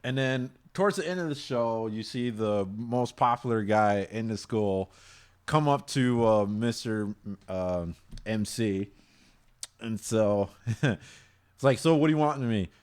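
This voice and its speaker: A man's voice: on the low side, takes it slowly, darkish tone, smooth. A man co-hosting a casual podcast, laughing often and stumbling over his words as he recaps episodes. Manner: laughs often, stammers and restarts. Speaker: podcast co-host. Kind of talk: casual chat reviewing anime.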